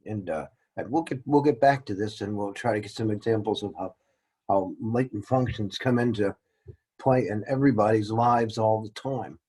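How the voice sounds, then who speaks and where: A man's voice: lowish voice, normal speed, dark tone, husky, poor audio. A man teaching a casual lesson, rambling and joking at his own expense. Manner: rambling, joking and self-deprecating. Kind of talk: casual classroom-style lecture.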